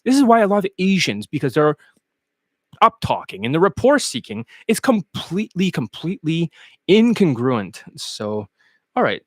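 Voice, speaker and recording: Animated man, bouncy high voice. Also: normal speed, no echo, studio quality. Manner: animated, blunt and profane, rambling; slips in and out of put-on accents. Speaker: dating coach. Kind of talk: casual live-stream sales monologue.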